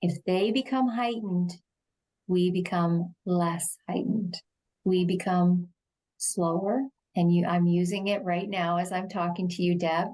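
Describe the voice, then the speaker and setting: A middle-aged woman with a quiet, soothing voice, speaking slowly and gently as a guest explaining de-escalation in a TV interview. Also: lowish voice, fairly even intonation. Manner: slow, measured, gentle delivery. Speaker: shelter executive director, interview guest.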